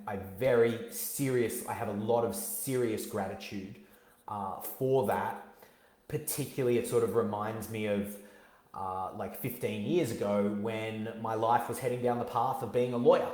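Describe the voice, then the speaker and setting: A man in his thirties hosting his own book launch on a live stream, talking in an energetic, heartfelt way with many fillers and restarts. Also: on the low side, unhurried. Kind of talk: live-streamed casual talk. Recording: roomy echo.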